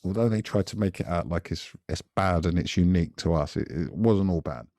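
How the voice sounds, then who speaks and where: A man, telling a story on a podcast in a casual, animated way, repeating himself and adding asides. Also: low-pitched, fairly quick, no room sound, clean studio sound. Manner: animated, repetitive retelling with frequent asides. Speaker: podcast guest recalling past events.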